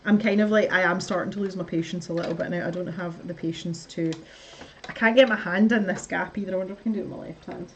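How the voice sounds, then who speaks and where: A woman's voice: lowish voice, fairly even intonation, quick pace, lo-fi sound, a little hiss or hum. Chatty woman hosting a live stream. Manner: chatty, talks to viewers, laughs often, mutters to herself. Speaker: livestream host. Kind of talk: casual live-stream chat while building.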